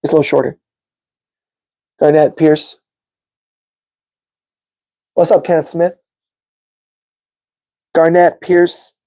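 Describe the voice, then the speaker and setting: A man hosting a casual live-stream sports podcast, talking excitedly and greeting viewers in the chat by name. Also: on the high side, slow, pauses often. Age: adult with a son. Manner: excitable, talks to chat viewers by name, says bro a lot. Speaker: podcast host.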